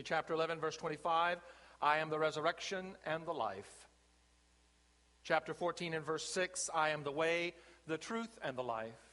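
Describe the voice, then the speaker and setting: Male pastor, sermon from the pulpit, bright and forceful tone, slow emphatic delivery, reverberant sanctuary. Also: fairly high pitch. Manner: slow, emphatic preaching with deliberate pauses. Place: church sanctuary. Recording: long reverb of a church sanctuary.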